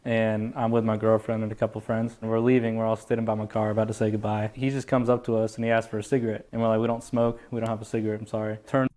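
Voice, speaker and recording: A man's voice: lowish voice, level tone, fast, few pauses, dark tone. A man, an army veteran, recounting an incident in a plain, matter-of-fact way for a news interview.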